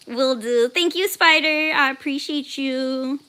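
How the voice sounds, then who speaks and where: A woman's voice: high voice, extremely slow, long pauses, sharp tone. A young woman hosting an art livestream, casually chatting and reading chat messages aloud, laughing often and squealing when surprised.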